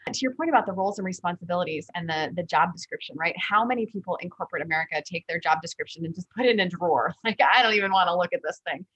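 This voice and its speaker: A woman's voice: on the low side, racing, hardly any pauses, fairly bright tone, breathy edge, no echo. A woman hosting a podcast interview, talking in an earnest, conversational way and often repeating words as she thinks aloud. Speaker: podcast host. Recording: slightly dull lo-fi sound.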